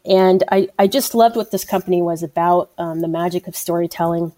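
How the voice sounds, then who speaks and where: Low mellow-voiced woman telling her story. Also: a little fast. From Indiana. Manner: enthusiastic storytelling. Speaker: studio communications executive, guest. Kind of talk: casual interview.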